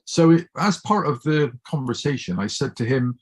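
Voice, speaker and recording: A middle-aged man with a Bristol accent speaks in a mid-range, slightly rough voice, animated and at a moderate pace. He's a guest chatting openly, telling personal stories in a casual, anecdotal way. His manner is chatty, open and warm-hearted.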